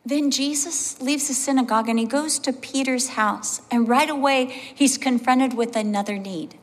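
A woman pastor preaching a sermon, telling animated personal stories and acting out the voices of the people in them. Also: sits high, moderate pace. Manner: animated storyteller, acts out voices, laughs along. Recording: long hall reverb.

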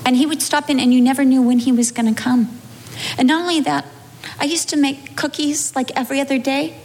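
A woman's voice: high-pitched, fairly even intonation, brisk, a little mellow. A middle-aged woman, a pastor's wife, telling a humorous personal story and acting out scenes with sudden dramatic shifts. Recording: echoey hall with faint background noise.

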